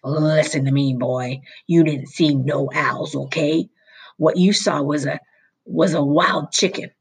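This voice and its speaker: A reader voicing a grumpy, bald, middle-aged male construction foreman in an audiobook, gruff and ungrammatical. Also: medium pitch, steady tone, measured pace. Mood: nervous. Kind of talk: audiobook character reading.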